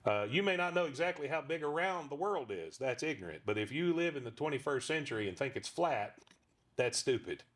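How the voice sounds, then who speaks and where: A man in his fifties talking casually as an interview guest, with a middle pitch. He rambles and restarts, slipping jokes into his stories. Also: lively intonation, fairly quick. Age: 50s. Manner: rambling storyteller, frequent restarts, joking. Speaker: ventriloquist guest.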